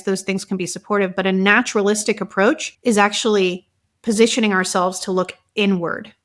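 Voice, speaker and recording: A woman guest and author talking casually in an interview, telling stories in a lively way and filling her speech with "like". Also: mid-range voice. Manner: animated storytelling, many fillers like "like". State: emotional at times. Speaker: guest, author and somatic practitioner.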